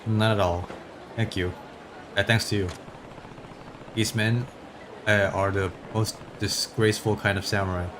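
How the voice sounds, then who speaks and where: A man reading a calm sword master. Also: fairly low pitch, unhurried, long pauses, background noise, natural voice. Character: calm male samurai sword teacher.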